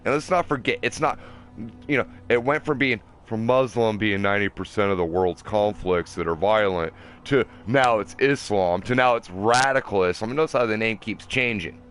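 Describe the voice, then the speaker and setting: A man's voice: on the low side, moderate pace, a bit bright, soft background music. A young man ranting in an angry, profane monologue, heated and preachy, in a car. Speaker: vlogger. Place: in a car at a drive-through.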